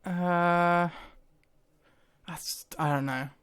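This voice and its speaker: A man's voice: high voice, fairly even intonation, very slow, fairly bright tone, slight background noise. A man talking casually to the camera, thinking aloud with hesitations and frequent laughs. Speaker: YouTuber.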